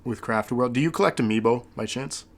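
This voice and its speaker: A man's voice: medium pitch, a little fast. A man hosting a podcast, chatting casually in a rambling, sentimental way with many fillers. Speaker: podcast host.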